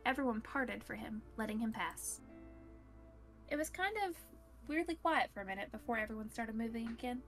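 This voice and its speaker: A woman's voice: fairly high pitch, animated, moderate pace, a bit bright, faint music behind. A woman reading a visual novel aloud to friends. She narrates playfully and breaks off to joke.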